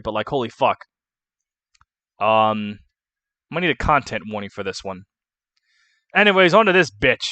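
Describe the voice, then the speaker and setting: Excitable man doing game commentary. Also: medium pitch, dry recording. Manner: excitable, swears freely. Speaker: let's play commentator.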